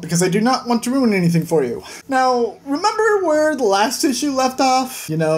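A woman hosting a casual book review vlog, talking in an animated, exasperated, jokey way. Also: medium pitch.

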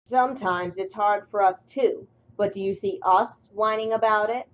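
A woman voicing a calm but stern male steam engine in a storybook tale. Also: medium pitch, moderate pace, a little hiss or hum, natural voice, low-quality recording.

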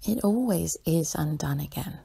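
A woman voicing a proud, bossy young boy in a soft whispered role-play for a bedtime story. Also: sits low, animated, a little slow, full character voice. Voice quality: husky, creaky whisper.

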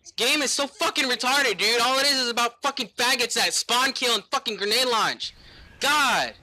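A man giving gameplay commentary as a gaming YouTuber, cursing and yelling in frustration. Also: extremely high pitch, moderate pace, a little hiss or hum.

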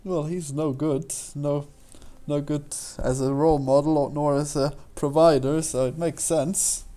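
A man co-hosting a let's play, chatting casually with a dry, deadpan sense of humor. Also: on the high side, a little slow. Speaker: co-host. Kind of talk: casual chat over gameplay.

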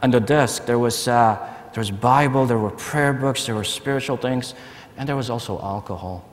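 A man's voice: mid-range voice, normal speed. A young man giving an earnest personal testimony at a conference, telling his story with frequent stammered repeats. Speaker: conference speaker. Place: large conference hall. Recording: long reverb of a large hall.

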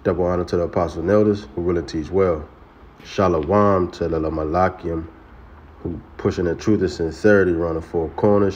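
A man teaching scripture in a casual way, often saying "man" and "you know" and chanting sacred names slowly. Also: low voice, a little mellow, slightly rough, muffled recording. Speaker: religious teacher.

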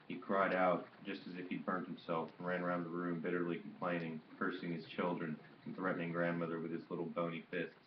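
A man reading a novel aloud in a steady, measured narration, in a dull, roomy recording. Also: low voice, slight background noise. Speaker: audiobook reader. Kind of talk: literary audiobook narration.

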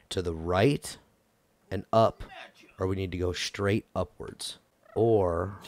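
Man, slightly low voice, casual gameplay commentary, goofy, chatty. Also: a little hiss or hum. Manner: goofy, chats to game characters. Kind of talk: casual let's-play commentary.

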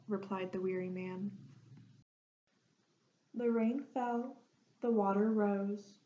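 Slow, gentle woman reading a storybook. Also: mid-range voice. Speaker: storybook reader. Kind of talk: reading a children's picture book aloud. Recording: dull lo-fi recording.

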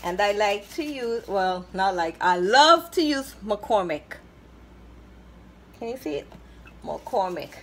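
A woman's voice: medium pitch, animated, takes it slowly, a bit bright. A woman hosting her own cooking video in a home kitchen, chatting casually as she explains each step and fondly repeats herself. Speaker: cooking channel host.

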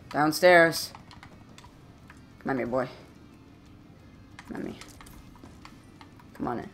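A young man casually commentating his own gameplay at home, jokey and trash-talking with sudden loud outbursts. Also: a little high, slow pace, pauses often, faint music behind. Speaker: gaming YouTuber. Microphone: desktop USB mic.

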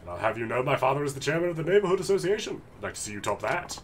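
A man's voice: medium pitch, sing-song, very fast, slight background noise, natural voice. Man putting on a pompous self-styled nobleman. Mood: haughty. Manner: grandiose, scornful, archaic wording.

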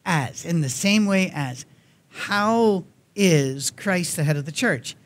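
A man's voice: high voice, animated, takes it slowly. A man with a Tennessee accent preaching a folksy sermon in a church, joking often and restarting his sentences. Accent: Southern US, Tennessee. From Nashville area, USA. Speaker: guest preacher.

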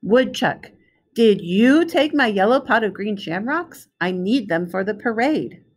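A woman voicing an eager, earnest young male rabbit in a storybook reading, talking in a bright, pleading way. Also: mid-range voice, animated, a little slow. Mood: distressed.

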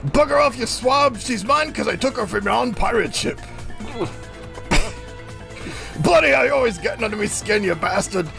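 Man voicing a gravelly put-on pirate villain, blustering, high and lively voice, game music behind. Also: moderate pace, long pauses, exaggerated voice. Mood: furious. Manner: cursing, blustering, shouting insults. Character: gruff cockney-style pirate villain, hot-tempered. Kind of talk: voicing game characters while playing.

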